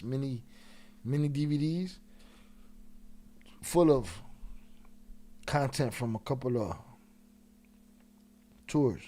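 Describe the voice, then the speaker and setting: A man hosting a live stream, telling a profane, animated story in a casual way and laughing along. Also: mid-range voice.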